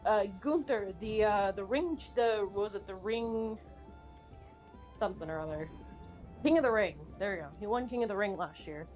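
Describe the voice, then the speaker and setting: A woman's voice: medium pitch, animated, moderate pace, a little mellow, faint music behind. A woman streamer chatting casually and animatedly, rambling with many fillers and restarts, and swearing now and then. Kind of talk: casual chat while drawing.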